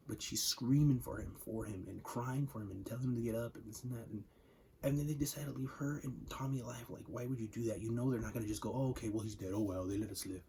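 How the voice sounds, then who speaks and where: A man's voice: medium pitch, warm tone, slight background noise, poor audio. A young man ranting about a video game in casual, heated talk, swearing a lot and filling with "like" and repeated words. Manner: heated, profane, repeats words and says "like" often.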